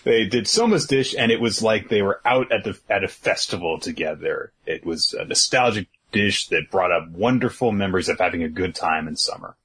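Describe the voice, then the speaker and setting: A man's voice: sits low, animated, fairly quick, few pauses, a bit bright, slightly rough. A man co-hosting a podcast, talking in a laid-back, rambling way with lots of fillers and chuckles. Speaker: podcast co-host. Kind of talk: casual podcast recap chat.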